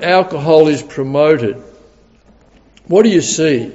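A man's voice: fairly high pitch, a little slow, darkish tone. A man preaching a sermon, earnest and emphatic, often repeating his key words. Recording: dull recording with long hall reverb.

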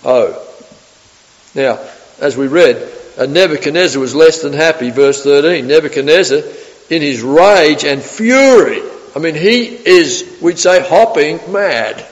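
Male preacher, slightly high voice, animated sermon in a reverberant church hall. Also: measured pace. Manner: animated, acts out the story in character voices.

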